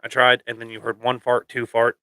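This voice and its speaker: A laid-back man tells a crude work story on a casual podcast. His voice is gravelly and bright, and the sound is close and dry. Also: mid-range voice, completely flat delivery, brisk, no echo.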